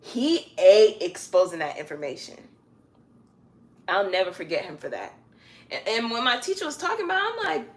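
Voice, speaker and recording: A woman chatting casually on a live stream while styling her own hair at home, animated and stretching words out for emphasis. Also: mid-range voice, normal speed.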